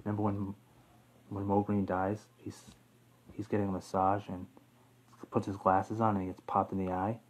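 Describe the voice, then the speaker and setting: A man's voice: fairly low pitch, level tone, moderate pace, long pauses, poor audio. A man hosting a casual true-crime video, rambling with fillers, self-corrections and the odd chuckle. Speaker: YouTube true-crime host. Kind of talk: casual off-the-cuff talk to camera.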